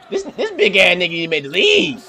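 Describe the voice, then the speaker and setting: A young man hosting a reaction video, talking in an excitable, slangy way and laughing often. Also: sits high. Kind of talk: casual reaction commentary.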